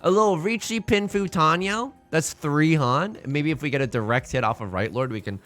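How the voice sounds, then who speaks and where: A man's voice: fairly high pitch, normal speed, fairly bright tone, soft background music. A young man streaming a mahjong game, rambling and joking in casual asides to his chat. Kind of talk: casual live-stream chatter while playing mahjong.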